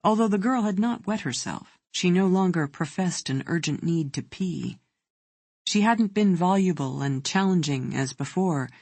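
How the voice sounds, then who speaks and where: An audiobook narrator reading a thriller in a measured, even way. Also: medium pitch, no echo.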